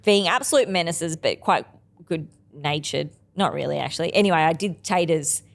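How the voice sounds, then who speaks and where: A woman's voice: sits low, animated, moderate pace, vocal fry. A woman from Melbourne with an Australian accent, a comedian guest telling rambling, self-deprecating, sweary stories. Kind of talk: casual anecdote-telling.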